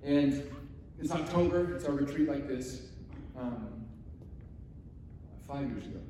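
A man in his forties preaching a sermon, telling family stories in a conversational way, dropping to soft, emotional tones. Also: mid-range voice, animated, unhurried, slight background noise. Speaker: pastor. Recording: echoey hall from far off.

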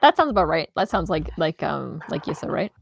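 A woman's voice: low-pitched, very animated, a little fast, vocal fry, breathy edge. A woman playing in a tabletop game, chatty and self-mocking. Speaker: player.

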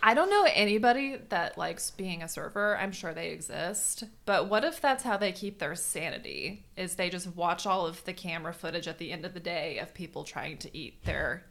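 A woman's voice: fairly low pitch, lively intonation, moderate pace, creaky, hardly any pauses, a bit bright. A woman co-hosting a podcast in casual chat, telling stories expressively and swearing now and then. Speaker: podcast co-host.

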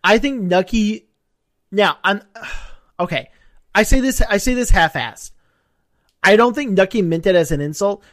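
Male co-host, high pitch, dry close mic, loose profane rambling banter. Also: lively intonation, fairly bright tone, no room sound. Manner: rambling, profane, quick to laugh. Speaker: podcast co-host. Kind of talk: casual recap chat.

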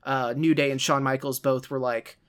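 A man's voice: mid-range voice, flat delivery, moderate pace, a bit bright, clean tone. A man co-hosting a casual podcast, talking in an easygoing, rambling way with many fillers. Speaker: podcast co-host.

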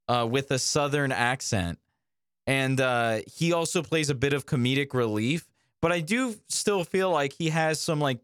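A man's voice: fairly high pitch, clean tone, no room sound, clean studio sound. A man co-hosting a podcast, giving blunt opinions and swearing freely in casual chat. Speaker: podcast co-host.

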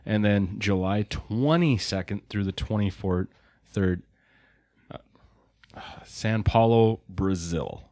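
Low-voiced man hosting casual chat. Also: takes it slowly, long pauses, a little mellow, no room sound. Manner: joking, reads lists of places. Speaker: podcast host. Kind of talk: casual chat reading event news.

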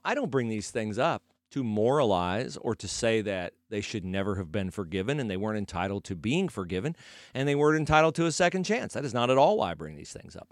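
A man's voice: medium pitch, no room sound, studio quality. A man hosting sports talk, arguing his point with rhetorical questions and sarcastic emphasis. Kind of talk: opinionated sports commentary.

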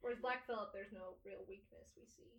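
A woman's voice: mid-range voice, steady tone, fairly quick, a bit bright. A woman chatting casually on a podcast, retelling a film plot with giggles. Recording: echoey room, away from the mic.

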